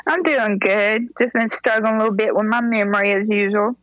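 Gal co-hosting a podcast, halting and full of "like", dry muffled sound. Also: female voice, medium pitch, fairly bright tone, dry recording. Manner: halting, lots of "like" and "y'all". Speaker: podcast co-host. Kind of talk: casual chat.

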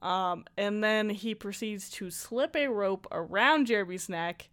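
In a laid-back podcast chat, a female co-host goes over a film, full of laughs and acted-out dialogue. Her voice is medium-pitched and her delivery measured, yet she stays animated throughout.

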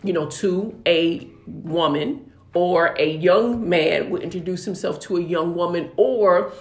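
A woman co-hosting a casual talk show, explaining her points in a measured, careful way and adding disclaimers. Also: on the low side. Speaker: podcast co-host. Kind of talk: casual chat. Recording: roomy echo.

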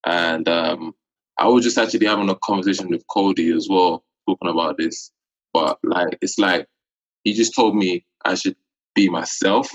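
A man's voice: low voice, moderate pace, husky, highs cut off. A young man with a London accent asking a hesitant question in a casual podcast chat, full of fillers. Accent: London English. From England. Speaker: sales rep asking a question.

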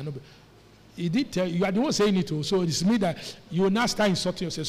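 Pastor, high voice, lively preaching with call-and-response, reverberant hall. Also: male voice, quick pace. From Nigeria. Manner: animated, calls on the congregation to respond. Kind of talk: sermon. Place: church hall. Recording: echoey church hall.

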